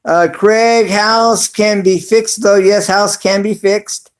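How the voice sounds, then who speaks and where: A man's voice: sits high, steady tone. A man hosting a casual livestream, reading viewer comments aloud with lots of fillers and little chuckles. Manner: reads chat aloud haltingly with many fillers and chuckles. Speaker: livestream host.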